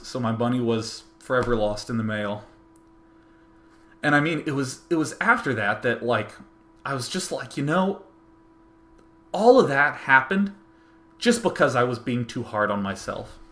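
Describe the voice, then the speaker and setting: A young man tells a personal story in a bright, forward voice. His delivery is animated and rambling, and he keeps restarting sentences as he works through his thoughts. It sounds like a casual monologue from a host. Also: medium pitch.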